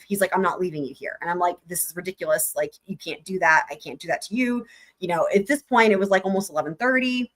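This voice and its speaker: A woman's voice: mid-range voice, lively intonation, fast talker. A woman hosting a casual livestream, chatting to her viewers as she tells a story, swearing freely and reading out chat comments. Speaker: livestream host.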